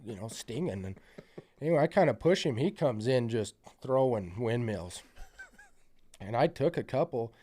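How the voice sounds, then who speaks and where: Speaking at medium pitch and a normal pace, the Utah hunting guide sounds animated with a dark tone. He's a podcast guest from South Central Utah spinning a casual, profane, rambling yarn full of "you know" and "like," voicing the quoted lines himself.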